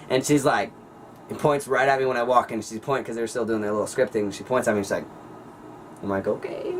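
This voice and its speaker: A teenage male high school senior telling a rambling, excitable story in a casual vlog, full of "like" and "you guys.". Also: recorded from a distance, a little hiss or hum, rough recording. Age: teens. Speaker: vlogger.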